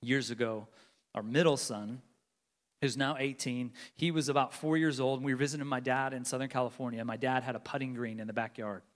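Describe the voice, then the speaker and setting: A man in his forties preaching a sermon, moving between loud urgency and hushed, near-whispered lines. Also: mid-range voice, steady tone, fairly quick. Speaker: pastor. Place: large church sanctuary. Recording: long reverb of a large church hall.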